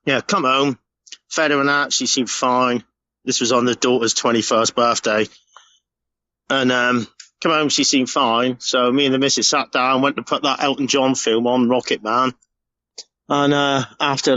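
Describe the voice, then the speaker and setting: A man's voice: medium pitch, pushed and bright, dry recording, lo-fi sound. A middle-aged man from the UK telling a rambling, emotional story in a casual recorded message, swearing freely. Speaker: podcast segment contributor.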